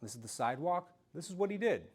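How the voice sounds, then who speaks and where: A man telling a story in an animated, self-mocking way during a talk to a live audience. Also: on the high side, quick pace, breathy edge. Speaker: speaker giving a self-defense talk.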